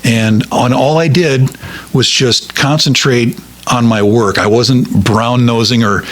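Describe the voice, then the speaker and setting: A middle-aged man, a radio broadcaster, telling stories from his career in a casual interview, rambling with many halting restarts. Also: medium pitch, steady tone.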